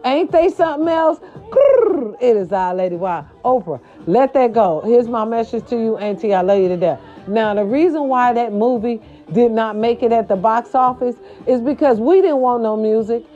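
A woman with a warm, fairly high voice hosts her own show at a moderate pace with few pauses. She gossips casually and sassily about celebrities, slipping in slangy asides. The recording is dull and lo-fi, with faint music behind her.

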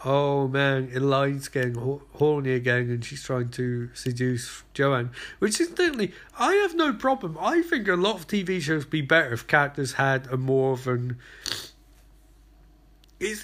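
A man's voice: mid-range voice, fairly bright tone. A man recapping a TV show in sarcastic, profane commentary full of rambling asides.

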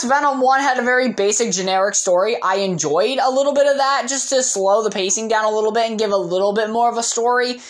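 A woman talks through her movie opinions in a loose, off-the-cuff monologue. She is frank and opinionated and leans on plenty of "um" and "you know," with the odd swear word. Her voice sits a little higher than most. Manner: candid, opinionated, frequent fillers and swearing. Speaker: movie commentator.

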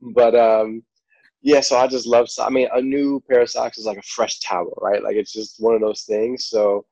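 A man's voice: medium pitch, little pitch movement, normal speed, warm tone, no echo, dull audio. A man with a New York accent, a podcast guest telling stories in a rambling, casual way, full of "like" and "you know". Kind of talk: casual storytelling.

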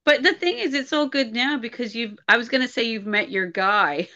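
A woman's voice: on the high side, normal speed, bright, forceful tone. A woman hosting a podcast who talks in a blunt, chatty way and laughs often. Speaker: podcast host. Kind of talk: casual chat. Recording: dull lo-fi sound.

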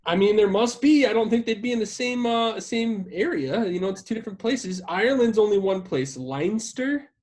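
A man's voice: high-pitched, lively intonation, normal speed, few pauses, a little mellow. Profane, rambling podcast co-host man. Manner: profane, rambling, self-deprecating. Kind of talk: casual chat.

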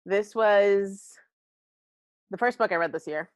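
A woman's voice: medium pitch, slow, dry recording. A woman podcast host in casual chat, candid and chatty, rambling through asides with lots of likes and ums. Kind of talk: casual book review chat.

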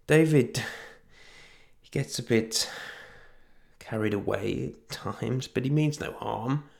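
Man putting on a soft pleading young woman. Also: mid-range voice, takes it slowly, vocal fry.

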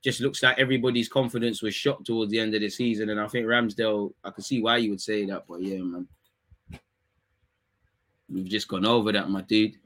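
Fast-talking young man streaming. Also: lowish voice, fairly even intonation, a bit bright. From England. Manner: fast slangy chatter, teasing chat, quick asides. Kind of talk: casual live-stream chat reading comments.

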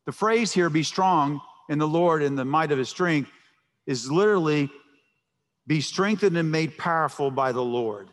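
Recorded in a church sanctuary with long, large-hall reverb, a man preaches as pastor at a moderate pace, his voice on the high side. He's emphatic and prone to repeating words as he starts a thought.

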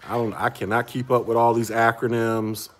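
A man's voice: medium pitch, little pitch movement, moderate pace. A man in his forties hosting a casual livestream and chatting with viewers, rambling, repeating words and chuckling often. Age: 40s. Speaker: livestream host reading chat.

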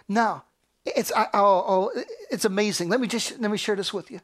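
A man preaching with fervent, repetitive cadence. His sermon swings between near-shouted declarations and soft, hushed whispers. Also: high-pitched, normal speed. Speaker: pastor.

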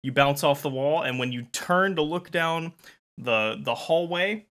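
Male game show host and game master, bright tense tone, playful halting narration. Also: a little high. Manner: playful, hesitant narration with fillers.

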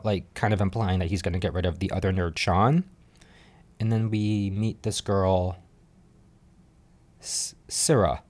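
A man's voice: fairly low pitch, a little mellow. A man hosting a podcast, recapping a reality show in casual, gossipy chat and laughing often. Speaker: podcast host.

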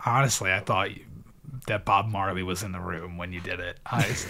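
A man's voice: low voice, steady tone, a little fast, pushed and bright. A man in his thirties co-hosting a podcast, recapping a film in casual chat with joking asides and frequent laughs. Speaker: podcast co-host.

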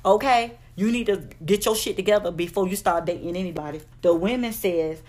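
A woman in a casual vlog, sassy and blunt, handing out profane relationship advice. She scolds her listeners in a familiar way and keeps calling them "honey". Her voice sits at an ordinary middle pitch. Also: brisk, few pauses, darkish tone. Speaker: advice vlogger. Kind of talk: casual advice rant to camera.

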